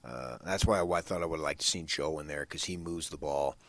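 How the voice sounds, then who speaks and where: A man's voice: rumbling low, fast, a bit bright, no echo. A man co-hosting a morning sports radio show, talking in an emphatic, casual way and often repeating words as he starts a thought.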